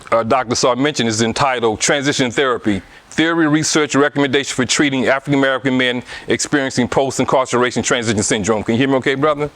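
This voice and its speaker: A man's voice: mid-range voice, a bit bright. A middle-aged man from Alabama with a Southern accent, giving a public talk about his book to a live audience, with many restarts and fillers.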